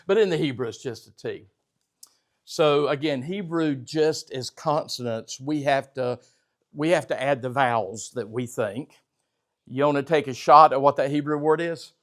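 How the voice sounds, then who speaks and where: Man preaching a conversational sermon. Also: mid-range voice. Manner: teaching, conversational with the congregation, varies loudness for emphasis. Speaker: pastor. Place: church sanctuary.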